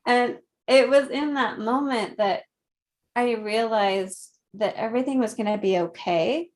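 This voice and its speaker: A woman in her thirties, a guest in an interview, speaking gently and reflectively, with frequent soft laughs. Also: on the high side. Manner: slow, gentle, reflective, laughs softly often. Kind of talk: conversational interview.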